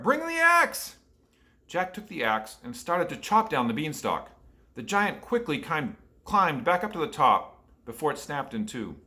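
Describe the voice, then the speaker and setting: A man's voice: a little high, pushed and bright. A man reading a picture book aloud to children and asking them questions along the way. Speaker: storyteller for children.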